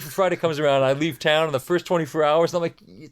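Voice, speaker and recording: A man's voice: fairly high pitch, fairly even intonation, quick pace, clean tone. A middle-aged man talking casually as a podcast guest, rambling with many restarts and fillers. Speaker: guest drummer.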